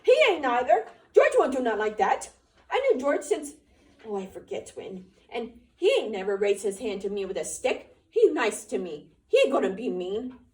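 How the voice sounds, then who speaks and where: A woman putting on a simple, childlike big man who pleads in a high, loud voice. Each line comes out urgent and raised. The voice sounds distant from the mic. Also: sing-song, normal speed. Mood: frantic.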